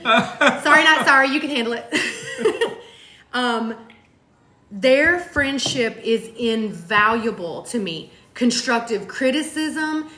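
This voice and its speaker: A somewhat high-pitched woman co-hosts a motivational talk show, speaking earnestly and emphatically in heartfelt chat, hammering points home with repetition and casual swearing. She's animated and takes it slowly, her voice pushed and bright. The room is echoey, her sound bouncing off the walls.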